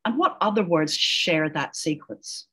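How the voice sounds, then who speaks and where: A woman's voice: deep voice, expressive, unhurried, pushed and bright, husky. A middle-aged woman, an educational linguist, explaining as an interview guest in a chatty way, laughing often and tagging her points with "right?". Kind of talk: casual interview chat.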